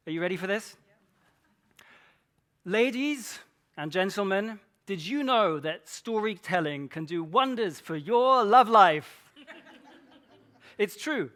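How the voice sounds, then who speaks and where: A man's voice: high voice, a bit bright. A man giving a keynote talk on storytelling to a large audience, playful and engaging, often asking the room questions. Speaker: keynote speaker. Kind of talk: conference talk.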